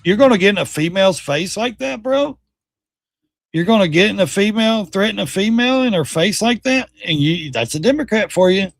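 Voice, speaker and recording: A man's voice: sits high, lively intonation, fairly quick, vocal fry. A middle-aged man hosting a livestream, bluntly and animatedly commenting on clips, swearing and mocking. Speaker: livestream host. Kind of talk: casual commentary.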